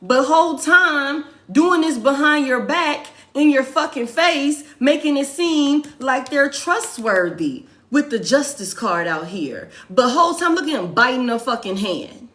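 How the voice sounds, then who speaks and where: A woman gives a casual tarot reading. She talks slowly, swears freely and hammers her points home by repeating them. Her voice sits a little high. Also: expressive, a bit bright. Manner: profane, emphatic, repeats phrases. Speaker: tarot reader.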